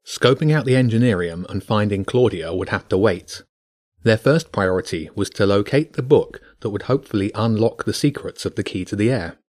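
A man narrating a bedtime story in a steady, measured way. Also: lowish voice, no room sound, studio quality.

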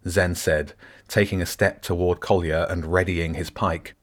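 Man, audiobook narrator, very low voice, measured, expressive. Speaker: author and reader.

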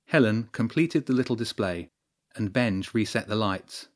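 A man narrating a story in a steady storytelling voice. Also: on the low side, moderate pace. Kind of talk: scripted narration.

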